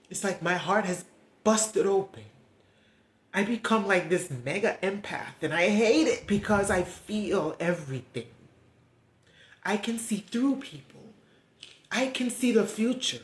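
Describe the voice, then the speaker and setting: A middle-aged woman speaks to her camera in a confiding, meandering way, opening up about her feelings. Her voice sits at an ordinary pitch and rings around a reverberant room. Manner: rambling, heartfelt, confiding. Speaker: vlogger. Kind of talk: candid personal vlog talk.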